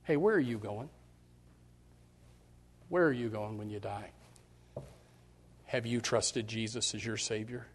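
A middle-aged man preaching a sermon as pastor, fervent and emphatic, his voice surging loud on key points. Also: on the low side, a little slow, pauses often, in a large hall, slight background noise.

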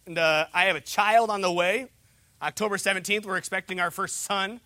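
A man's voice: sits high, fairly even intonation, a little fast, pushed and bright, no room sound. A young man preaching a sermon, with a joking, conversational delivery and humorous asides. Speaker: pastor.

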